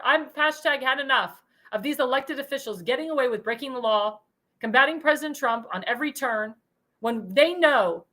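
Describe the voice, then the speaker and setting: High, bright-voiced indignant woman host. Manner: indignant, emphatic, repeats phrases for emphasis. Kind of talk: political commentary show monologue.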